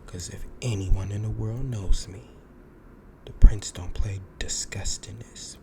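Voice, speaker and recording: Deep-voiced man telling a story, noisy. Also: a little slow. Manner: animated, acts out quoted lines, swears. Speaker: podcast host. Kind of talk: casual storytelling monologue.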